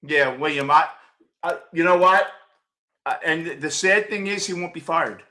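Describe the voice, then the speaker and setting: Hosting a fan postgame show, this sixties-aged New Yorker fires back at viewer chat with blunt, profane rants and frequent shouting. His pitch runs a little high, and his pace is moderate.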